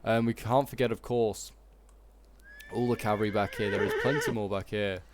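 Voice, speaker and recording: A man's voice: fairly low pitch, fairly even intonation, normal speed, very noisy. Rambling Yorkshire man commenting on gameplay. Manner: rambling, lots of "like" and "um", self-correcting. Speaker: game channel host.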